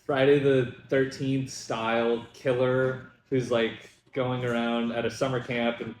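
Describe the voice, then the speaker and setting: A young man telling stories at a brunch table, full of fillers and restarts, lively when he retells scenes. His voice sits in an ordinary middle pitch, and the room gives it a roomy echo. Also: unhurried, a little hiss or hum. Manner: rambling, lots of fillers, animated retelling. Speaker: comedian guest. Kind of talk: casual brunch chat. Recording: echoey room.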